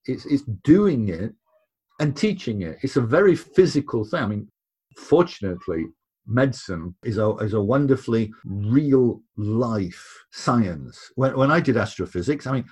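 A man's voice: medium pitch, lively intonation, a little slow, a little mellow, breathy edge. A man speaking as a podcast guest in casual conversation, emphatic, and repeating words when he presses a point.

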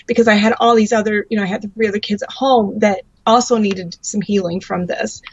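A woman guest sharing her testimony as a mother, earnest and halting with many ums. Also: medium pitch, fairly even intonation, breathy edge, dry recording. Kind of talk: faith testimony in an interview. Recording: dry, dull lo-fi sound.

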